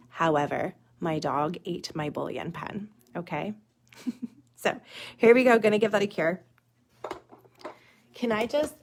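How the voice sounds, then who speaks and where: A young woman leads a live nail art tutorial and chats with her viewers as she works. Her voice has a gravelly, fry-edged texture, and she talks at an unhurried pace. She keeps it chatty and loose, full of fillers, and drops to a murmur while she focuses on the nail. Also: mid-range voice, darkish tone. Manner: chatty, filler-heavy, talks to viewers as "you guys" and "y'all".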